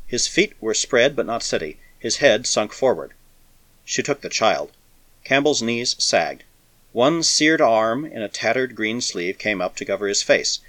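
A man narrating a science fiction story with a dramatic, expressive reading. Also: mid-range voice, a little slow, no echo. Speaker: audiobook narrator.

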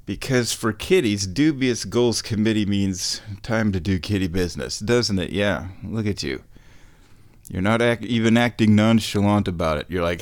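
A man chatting casually on his stream, meandering and correcting himself, and sometimes talking to his cat in a high baby voice. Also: normal speed. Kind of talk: casual rambling chat.

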